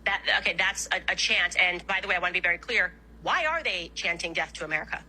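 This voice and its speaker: Very bright argumentative woman in debate. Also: lowish voice, quick pace, slight background noise, rough recording. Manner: argumentative, questioning. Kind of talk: debate interview.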